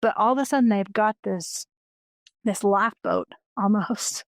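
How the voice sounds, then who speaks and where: A woman's voice: medium pitch, measured pace, no echo. Earnest woman telling stories, dry sound. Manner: earnest and enthusiastic, with many restarts. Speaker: interview guest, financial educator. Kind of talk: personal storytelling in an interview.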